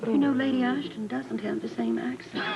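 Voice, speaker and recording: A chatty, gushing helper. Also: female voice, high voice, very animated, normal speed, creaky, full character voice. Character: chatty gushing middle-aged woman, nosy helper. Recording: dull lo-fi tape with background noise.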